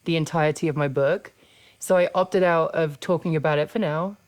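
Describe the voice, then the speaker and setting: A woman's voice: deep voice, steady tone, fairly quick, darkish tone. A woman with an English accent in her thirties, hosting a casual chat, blunt and laid-back, swearing freely. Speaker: podcast host and wrestler.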